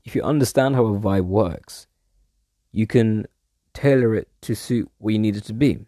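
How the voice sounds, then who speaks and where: A man's voice: fairly low pitch, moderate pace, dark tone, no echo, clean studio sound. A man in a rambling, digressive solo monologue, casually chatting and now and then swearing.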